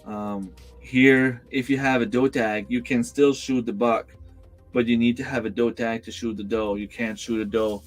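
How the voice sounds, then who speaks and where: A man's voice: medium pitch, steady tone, moderate pace, soft background music. A man hosting a casual livestream from home, chatting with viewers and answering their comments in a rambling way, with lots of fillers and restarts. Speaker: livestream host. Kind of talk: casual live-chat reading comments. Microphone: desk microphone.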